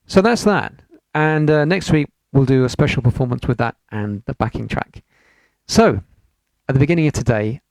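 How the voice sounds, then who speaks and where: A man's voice: medium pitch, creaky, a little mellow, no echo. A man from the United Kingdom teaching an online piano lesson, explaining patiently step by step and chanting rhythm syllables over the piano. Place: home studio. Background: piano playing.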